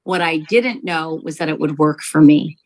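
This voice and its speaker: A woman, a company founder, telling an animated testimonial story to sell her product, acting out quotes as she goes. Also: sits low, moderate pace, poor audio. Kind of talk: testimonial sales pitch.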